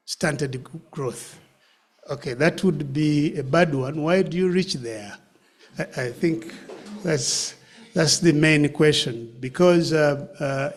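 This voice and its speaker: A man's voice: on the high side, darkish tone. A man giving a pig farming training session, answering questions with practical advice and plenty of hesitant fillers and restarts.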